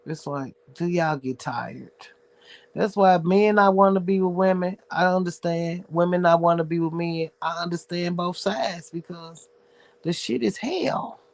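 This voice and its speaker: A man's voice: high voice, steady tone, a little slow. A man hosting his own show, ranting casually in a blunt, sassy, heavily profane way. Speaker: show host. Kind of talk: casual livestream rant.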